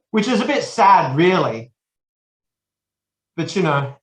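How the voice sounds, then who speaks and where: A man's voice: high-pitched, big pitch swings, takes it slowly, roomy sound. An Australian man in his forties, a podcast guest, talking casually and rambling with many restarts. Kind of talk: casual chat.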